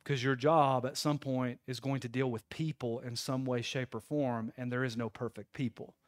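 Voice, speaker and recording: A man's voice: mid-range voice, steady tone, normal speed, no echo, clean studio sound. A man in his thirties, a pastor, preaching a sermon in a conversational storytelling way to his congregation.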